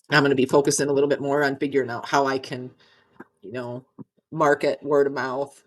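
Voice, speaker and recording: Low-voiced woman venting, exasperated. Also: fairly even intonation, a little fast. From Nevada. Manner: exasperated, swearing, repeating herself. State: choked up. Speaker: vlogger. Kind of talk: frustrated rant to camera.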